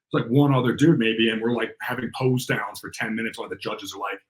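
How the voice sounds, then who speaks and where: A man, a podcast guest, telling a story in casual conversation, animated and acting out the dialogue, with lots of "like" fillers. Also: on the low side, fast, low-quality recording. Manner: animated, acts out quoted dialogue, many "like" fillers.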